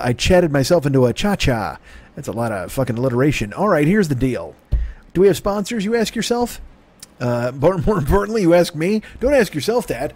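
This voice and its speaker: A man's voice: medium pitch, darkish tone, no room sound. A man hosting his own comedy podcast, rambling and swearing in a self-mocking monologue. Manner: rambling, profane, self-mocking, bursts into silly crooning. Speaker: podcast host.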